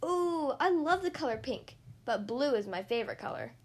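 A woman reading aloud, voicing an excitable young girl who squeals with delight. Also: high voice, normal speed. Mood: excited.

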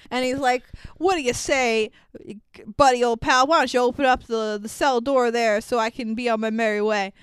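A woman's voice: fairly high pitch, normal speed, smooth, no room sound. A woman co-hosting a podcast, casually recapping a movie with lots of laughter and acted-out quotes. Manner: animated, laughing storyteller acting out quotes. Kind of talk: casual chat.

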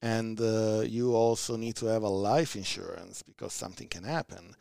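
Guest spot: thirties Italian man, gravelly, close dry mic. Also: on the low side, moderate pace, warm tone, no room sound. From Italy. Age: 30s. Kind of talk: casual conversation.

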